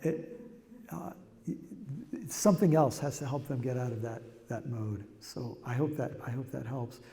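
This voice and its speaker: A man's voice: mid-range voice, unhurried, mellow. An older man giving a reflective, conversational public talk, often restarting his phrases. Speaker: speaker. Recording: long hall reverb.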